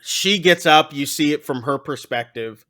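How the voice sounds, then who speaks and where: Bright-voiced man animatedly recapping a film. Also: fairly high pitch, normal speed. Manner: animated, acts out character lines. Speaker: podcast host. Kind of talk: casual chat recapping a movie.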